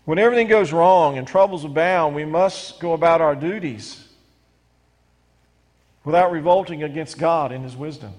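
A middle-aged male pastor preaching a sermon, animated and stumbling into quick restarts as he reads scripture and explains it. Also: on the high side. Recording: long hall reverb.

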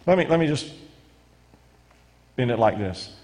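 A middle-aged male pastor preaching a sermon, animated and stumbling into quick restarts as he reads scripture and explains it. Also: mid-range voice. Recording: long hall reverb.

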